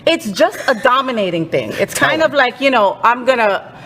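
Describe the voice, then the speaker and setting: A woman's voice: a little high, very animated, moderate pace, fairly bright tone, long reverb tail. A woman hosting a casual entertainment news chat, sassy and outspoken. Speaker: host.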